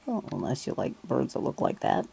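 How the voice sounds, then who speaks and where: A woman from Northern Michigan with a rough morning voice, chatting casually outdoors and pointing things out to the viewer as she films on a phone. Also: a bass voice, wildly swooping pitch, a little fast, mellow. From Northern Michigan, USA. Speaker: vlogger. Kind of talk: casual handheld vlog narration. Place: outdoors in a yard, wind and trees.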